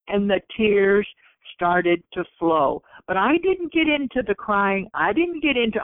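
A woman's voice: on the low side, normal speed, no echo. A woman recounts her story in an earnest, storytelling way, slipping into the voices of the people she quotes. She is heard over a tinny phone line with a dry, close sound. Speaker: guest. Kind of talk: storytelling in conversation.

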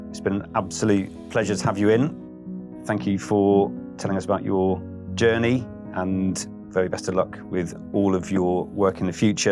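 A man hosting a podcast asks his final questions and thanks his guest in a friendly, easy manner. His voice sits very low. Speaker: podcast host. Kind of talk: interview questions and sign-off.

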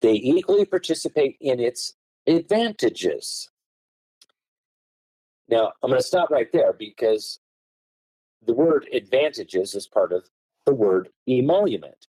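A man lays out points of law in a lively, swooping voice, leaning hard on certain words so they stand out. His tone is mellow and a little husky, and the recording is close and dry. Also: medium pitch, a little slow, pauses often, no echo, rough recording. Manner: emphatic, hammers key words with tone changes. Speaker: guest. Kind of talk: explaining common law, reading statutes aloud.

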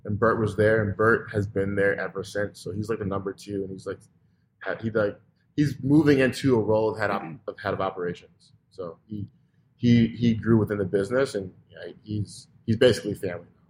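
A man, a restaurant owner, chatting casually as a podcast guest, loose and full of fillers, often trailing off quietly. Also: on the low side, fairly even intonation, fairly quick, a little hiss or hum. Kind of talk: casual interview chat.

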